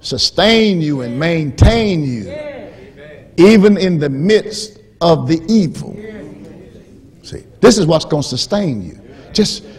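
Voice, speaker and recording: A man preaching a sermon as pastor, repeating key phrases and swinging from hushed storytelling to rising, emphatic shouts. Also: a little high, big pitch swings, slow.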